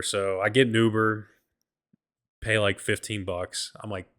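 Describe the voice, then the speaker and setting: A man's voice: fairly low pitch, slow, pauses often, fairly bright tone. A man hosting his own show, telling a travel story in a casual, slangy, profane way. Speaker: podcast host.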